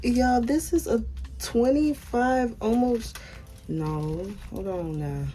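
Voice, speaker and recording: A young American vlogger unboxes and fits a wig while chatting casually to her viewers, addressing them directly as "y'all." Her voice is fairly high and dark in tone, and she speaks slowly.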